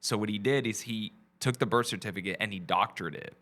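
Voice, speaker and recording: A man, a comedian guest from Texas, telling a family story in casual, animated chat. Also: fairly low pitch, fairly quick. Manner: animated, acts out quoted voices.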